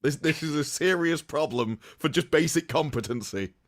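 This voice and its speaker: A man's voice: a little high, moderate pace. A man from the UK, co-hosting a podcast in casual, mocking chat. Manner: mocking, animated, laughs through jokes. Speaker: podcast co-host.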